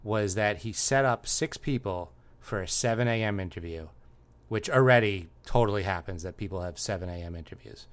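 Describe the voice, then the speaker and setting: A man co-hosting a casual comedy podcast, telling stories in a dry, low-key, deadpan way. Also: moderate pace. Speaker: podcast co-host.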